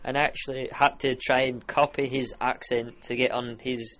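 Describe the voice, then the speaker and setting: A man's voice: mid-range voice, level tone, normal speed, a bit bright. A man with a broad Yorkshire accent, a podcast guest in casual chat, talking freely and laughing often. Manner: chatty, laughs often, mimics voices. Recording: dull lo-fi audio with faint ambience.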